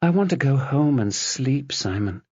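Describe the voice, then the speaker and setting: A man voicing a worried young wife lying in a hospital bed, tired and sharp, in a dull lo-fi recording. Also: medium pitch, lively intonation, measured pace, slightly rough, no room sound, voice pushed up. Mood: weary.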